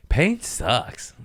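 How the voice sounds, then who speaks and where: A man hosting a podcast, telling crude, rambling comic stories, laughing at his own jokes and jumping into high mocking voices when he quotes people. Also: a bit bright, husky, dry recording, clean studio sound. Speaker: podcast host. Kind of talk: casual comedic storytelling.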